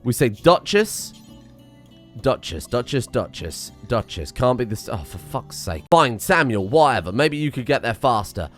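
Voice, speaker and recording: A man giving excitable, self-mocking commentary while playing a game, thinking aloud and swearing. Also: mid-range voice, unhurried, faint music behind. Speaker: gaming streamer. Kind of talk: casual gameplay commentary.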